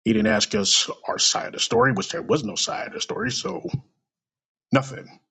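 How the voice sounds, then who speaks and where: A man's voice: high voice, very animated, normal speed, gravelly, bright, forceful tone, breathy edge. A man telling a personal story aloud in a blunt, profane and emotional way.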